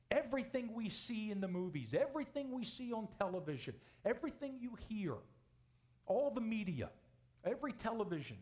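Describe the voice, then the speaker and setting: Male pastor, fairly high voice, preaching with big swings in pitch and volume. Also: darkish tone. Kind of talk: sermon.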